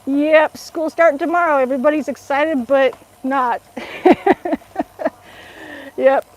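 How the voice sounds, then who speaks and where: Speaking slowly in a high voice through poor audio, a fitness vlogger from Alaska livestreams her outdoor workout. This middle-aged woman has an Alaskan accent and chats casually with viewers, laughing a lot.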